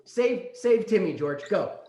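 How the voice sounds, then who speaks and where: A man's voice: high-pitched, expressive, a little slow, warm tone. A man hosting a casual online game as cruise host, reacting to his guests' jokes with laughing teases. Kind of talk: hosting a casual game over a video call. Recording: echoey room with background noise.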